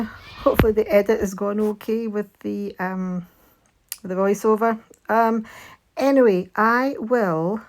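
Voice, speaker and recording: A woman's voice: mid-range voice, darkish tone, a little hiss or hum, rough recording. A woman with a thick Scottish accent, chatting casually and rambling through a myth while she crafts, with many fillers and restarts. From Scotland. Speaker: crafting channel host.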